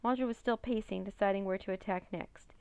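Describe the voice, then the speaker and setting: A woman narrating a children's chapter book in a steady, plain reading voice on a close mic. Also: mid-range voice, brisk, creaky, smooth, dry recording. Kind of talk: storybook read-aloud.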